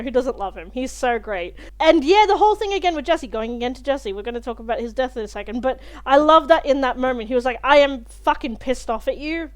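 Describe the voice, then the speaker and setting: A young woman hosting a reaction video, talking through an episode in a chatty, animated way and swearing freely. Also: sits high. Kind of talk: casual spoken review of a TV episode.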